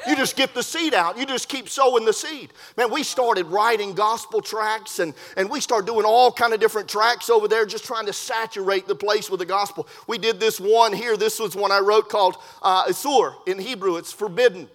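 A man preaching a sermon, telling a story in an animated way and often repeating his words. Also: high-pitched, moderate pace, few pauses. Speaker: preacher, missionary. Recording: long hall reverb.

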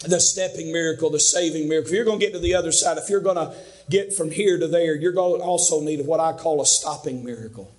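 A male preacher with a notably high voice delivers a sermon as a story. He speaks earnestly and rises at times into fervent emphasis. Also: quick pace, a little mellow. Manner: earnest, rising to fervent peaks.

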